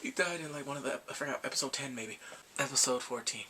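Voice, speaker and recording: A man casually recapping a drama's plot, animated and emotional, acting out the characters' lines. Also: medium pitch, fast talker, a little hiss or hum. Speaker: drama reviewer.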